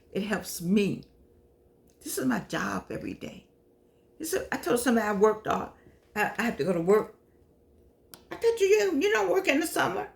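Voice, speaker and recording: Teary older woman with a gravelly voice. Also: medium pitch. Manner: preachy, emotional, repeats phrases, calls on the Lord. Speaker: show host and humanities professor. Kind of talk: casual heartfelt monologue to camera.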